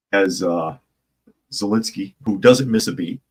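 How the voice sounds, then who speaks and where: A man's voice: low-pitched, animated, slow, slightly rough, poor audio. A man hosting a casual opinion show on the news, sarcastic and improvising jokes while reading articles. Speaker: news commentary host.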